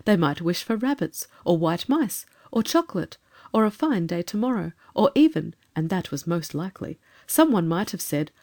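A woman reading a children's storybook in a calm, measured, expressive manner. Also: fairly low pitch. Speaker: narrator.

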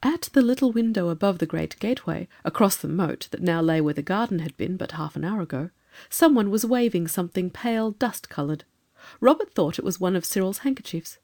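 A woman reading a children's storybook in a calm, measured, expressive manner. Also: mid-range voice. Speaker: narrator.

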